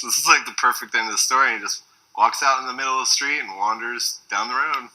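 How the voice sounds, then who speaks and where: A man telling a casual anecdote, animated and acting out the voices of the people in it. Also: mid-range voice, fast talker, poor audio. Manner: animated, acts out quoted voices. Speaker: storyteller in a documentary.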